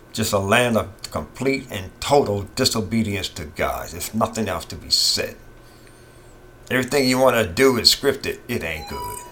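A man's voice: on the low side, a bit bright, slight background noise. A middle-aged man giving an impassioned, repetitive opinion monologue as a political commentator. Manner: impassioned, ranting, repeats himself.

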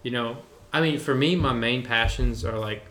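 A man's voice: mid-range voice, moderate pace, noisy background. A young adult man chatting casually on a podcast, laid-back and enthusiastic, with a lot of "dude". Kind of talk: casual chat. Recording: roomy echo.

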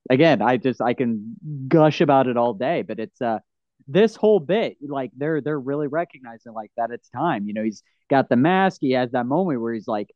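A man's voice: medium pitch, animated, moderate pace, dry recording, lo-fi sound. A man casually and enthusiastically retelling film scenes, rambling with restarts.

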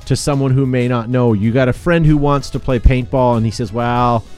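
A man's voice: mid-range voice, steady tone, fairly quick, darkish tone, soft background music. A man hosting a casual panel chat, talking loosely and reading viewer comments aloud. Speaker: podcast host.

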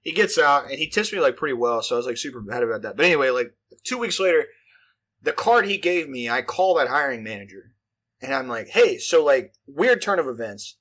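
A man's voice: mid-range voice, sing-song, a little fast, fairly bright tone. A man, telling a profane, rambling story in casual chat. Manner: profane, rambling, filler-heavy delivery.

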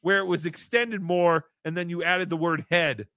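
A man's voice: sits high, fairly even intonation, normal speed, bright, forceful tone. A man hosting a comedy podcast, rambling in a goofy, joking way. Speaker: podcast host.

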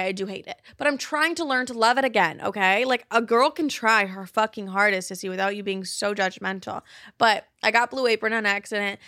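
Young female podcast host, mid-pitched, dry close sound, casual and profane. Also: creaky, bright, forceful tone, no echo. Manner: chatty, swears freely, laughs, uses lots of likes. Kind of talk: casual chat. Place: apartment in a big US city.

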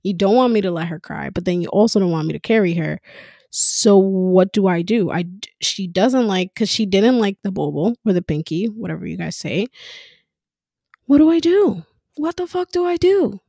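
Frank, gravelly-voiced woman talking candidly. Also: on the low side, fairly quick, dry recording, studio quality. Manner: frank and animated, swears freely, laughs often. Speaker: mother talking about parenting. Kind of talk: casual monologue.

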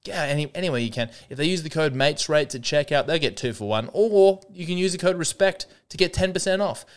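A man's voice: fairly high pitch, lively intonation, brisk, clean tone. A young Australian man hosting his own comedy podcast, talking in a sardonic, self-deprecating solo monologue full of mock-earnest irony.

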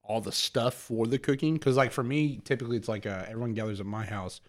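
This man's medium-pitched, steady voice moves at a quick pace as he co-hosts a podcast. Laughing a lot, he wanders through rambling stories in relaxed conversation. The studio audio is clean, with no echo.

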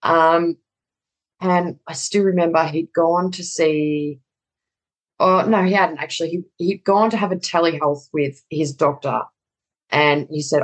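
A woman's voice: fairly low pitch, measured pace, low-quality recording. A middle-aged woman telling a personal story in conversation, candid and casually swearing, acting out the dialogue.

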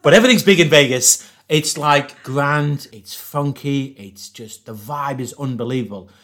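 A man's voice: medium pitch, normal speed. A man from northeast England with a Geordie accent, telling travel stories as a podcast guest and laughing often. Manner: animated, laughs often, acts out quotes. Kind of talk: casual storytelling.

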